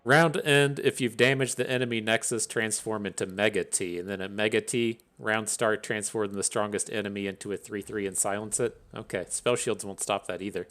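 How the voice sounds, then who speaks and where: Guy w a lowish voice narrating his card game, swears a lot, grumbles and laughs. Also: fairly even intonation, a little fast, few pauses, fairly bright tone. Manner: swears freely, thinks aloud, laughs and grumbles. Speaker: gameplay commentator. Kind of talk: casual gameplay commentary.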